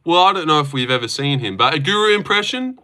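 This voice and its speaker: A man's voice: on the high side, lively intonation, fast talker, bright, forceful tone. A young man with an Australian accent hosting a casual livestream, joking, swearing freely and reading chat aloud. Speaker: streamer host.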